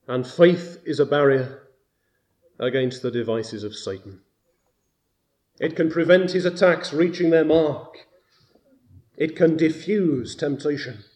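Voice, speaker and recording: A man preaching a sermon, slow and deliberate, rising to loud emphatic bursts on key words. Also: fairly high pitch.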